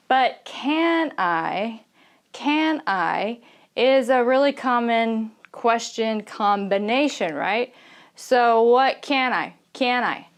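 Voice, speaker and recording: A young woman teaching English pronunciation, telling stories in an animated way and laughing often. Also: on the high side, clear, resonant tone. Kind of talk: casual teaching to camera.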